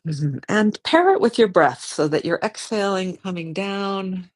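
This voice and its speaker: Speaking at medium pitch but with big swings in intonation, a yoga teacher gently guides a slow movement and meditation class, taking their time, reasoning aloud and amending what they say.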